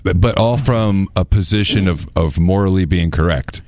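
Brief: low male guest voice, hesitant restarts, dry close sound. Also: moderate pace, a little mellow, dry recording. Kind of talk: casual conversation.

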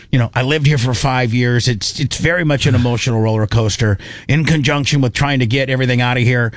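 A man with a medium-pitched voice hosts a radio show from his studio, speaking into a studio microphone with no echo. He rambles and stammers through emotional, casual banter.

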